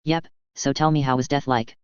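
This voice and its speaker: A casually confident, overpowered young man, as a man reads him in a dull, dry audiobook voice. The tone is clear and smooth, and he takes everything lightly. The reading stays even and unhurried. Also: fairly high pitch, no echo, natural voice. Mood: offhand.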